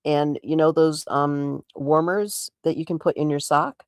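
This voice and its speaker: Female streamer, deep but bouncy slow sing-song delivery, dry sound. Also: steady tone, darkish tone, clear, resonant tone, dry recording. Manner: sing-song, teasing, repetitive. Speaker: livestreamer. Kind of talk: casual livestream chatter.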